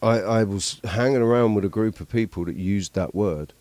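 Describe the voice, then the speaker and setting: Man, casual host chat, rambling, halting, deep voice, dry sound. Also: darkish tone, no room sound.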